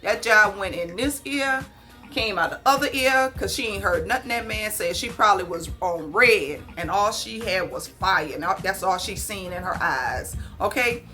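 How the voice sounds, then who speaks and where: Woman vlogger, chatty folksy storyteller, bright voice, pitched a touch high, faint music behind. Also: moderate pace. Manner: animated, folksy, calls listeners honey and baby. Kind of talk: casual storytelling.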